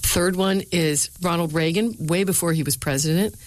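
A middle-aged woman with a notably low voice, answering questions in an interview. She tells her stories with energy and voices the people she quotes. The sound is dry and close. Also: moderate pace, no echo, poor audio. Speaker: speechwriter and university lecturer.

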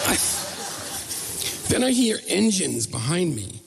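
A middle-aged man telling a comic story in an animated, self-mocking way. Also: medium pitch, unhurried. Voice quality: gravelly. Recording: long reverb hall.

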